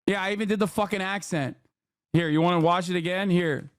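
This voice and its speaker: A male political commentator on a live stream, reacting in a profane, animated and boastful way. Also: high voice, fairly quick, smooth, dry recording, studio quality.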